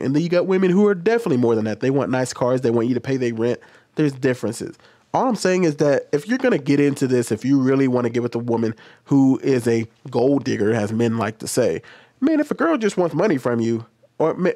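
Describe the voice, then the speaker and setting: A man's voice: medium pitch, a little mellow, no echo, clean studio sound. A man hosting a casual commentary video, telling stories and talking straight to his viewers. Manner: chatty, storytelling, talks directly to viewers. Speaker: commentary host.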